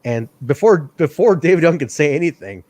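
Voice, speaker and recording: A little quick in his delivery, this man co-hosts an easygoing wrestling review show, spinning animated stories full of laughter and profanity while acting out lines in a higher register. The recording is dry.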